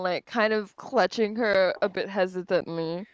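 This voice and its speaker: A woman's voice: mid-range voice, measured pace, few pauses, clean tone, no room sound, poor audio. A woman playing in a tabletop game, emotionally describing her character's reactions in first person. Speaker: player. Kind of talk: in-character tabletop role-play.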